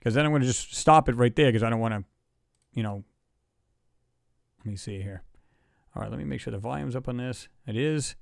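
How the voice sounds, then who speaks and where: A man's voice: mid-range voice, fairly quick, vocal fry, pauses often, no echo, studio quality. A man hosting a casual livestream chat, talking in a loose, rambling way and reading viewer comments aloud. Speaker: livestream host.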